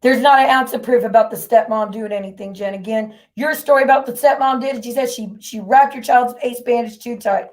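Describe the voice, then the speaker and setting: A woman's voice: a little high, brisk, few pauses. Angry, swearing woman ranting on stream. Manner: heated, profane, confrontational. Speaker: livestream host. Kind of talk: angry livestream rant.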